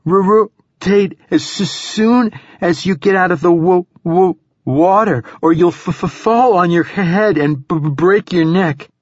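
A freezing young woman, as a male narrator puts her on, high and strained, stammering on every other word through chattering teeth, slow and halting, like an audiobook reader leaning into the cold; the sound is close and dry, with a husky edge. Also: no echo. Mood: shivering, stammering.

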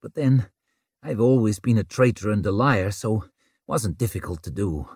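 A weary woman inquisitor, blunt and bitter, her voice lifted a little above a deep narrator's own, as he puts her on. She speaks in a storybook manner that is gruff and plain. The sound is dry and close. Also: expressive, moderate pace, a little mellow, no room sound.

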